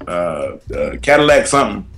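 A laid-back man co-hosting a podcast, giving shout-outs and telling stories in loose slang. His voice is bright and forward, at a middle pitch. Faint music plays under the talk. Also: sing-song, moderate pace. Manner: laid-back, repeats "you know what I'm saying". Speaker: podcast co-host. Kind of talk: casual banter.

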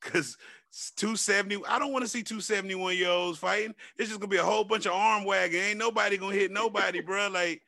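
A man co-hosting a loose chat show, talking with a lot of animation and heavy profanity. His voice sits high for a man, with a gravelly edge and a bright, sharp tone. The sound is dry and close. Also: fast, dry recording. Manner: animated, profane, acts out quotes in raised voice. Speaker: podcast co-host. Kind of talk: casual chat.

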